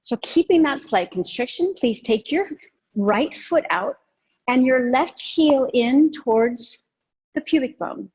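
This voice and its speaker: A woman teaching a yoga and breathing class, giving calm, gentle cues with soft pauses. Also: sits high, breathy edge, lo-fi sound. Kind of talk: guided yoga and breathing instruction.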